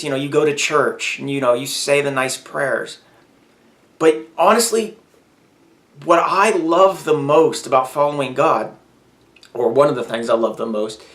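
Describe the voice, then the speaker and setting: Casting note: man, somewhat high voice, candid personal vlog delivery, venting and emphatic. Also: a bit bright. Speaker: vlogger.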